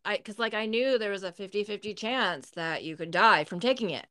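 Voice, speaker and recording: A woman's voice: medium pitch, a little fast, hardly any pauses, fairly bright tone, clean tone. A young woman co-hosting a podcast, telling a candid story in casual chat and swearing freely. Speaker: podcast co-host.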